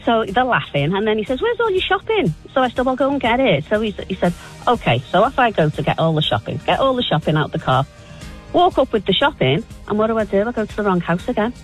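A woman calling into a radio show, telling a funny story and jumping her voice high when she quotes herself. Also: fast talker, faint music behind, low-quality recording. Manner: animated, voice jumps high when quoting herself. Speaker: caller.

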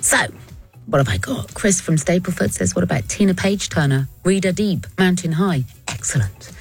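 A woman presenting a radio show, reading out listeners' pun suggestions in a playful way with chuckles and quick asides. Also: fairly low pitch, expressive, gravelly, a little mellow, breathy edge, soft background music. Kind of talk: radio call-in segment, reading listener puns.

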